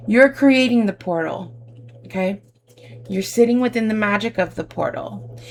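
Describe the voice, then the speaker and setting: A woman reads tarot cards for her viewers in an effusive, heartfelt way. Her voice carries a gravelly fry at a middle pitch, and she keeps calling the listener babe and my love. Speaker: tarot reader. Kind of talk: tarot reading addressed to viewers.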